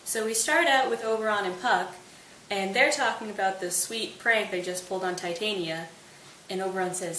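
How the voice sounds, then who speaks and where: A woman in a roomy space, heard from a distance over faint hiss, walks through a classic comedy's plot with playful asides. Her pitch is average and her tone is chatty and casual. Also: normal speed, bright, forceful tone. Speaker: host.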